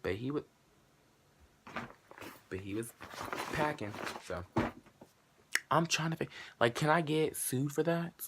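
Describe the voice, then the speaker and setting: A man in his late teens telling a story to camera in a casual vlog, animated and profane, acting out both sides of the dialogue with sudden jumps in pitch and loudness. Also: slow, pauses often, slight background noise. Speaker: vlogger.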